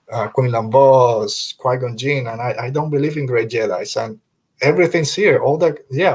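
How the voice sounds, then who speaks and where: A man hosting a casual fan podcast, talking earnestly and emphatically, hammering his points home by repeating them, with a loose conversational style. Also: mid-range voice. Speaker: podcast host.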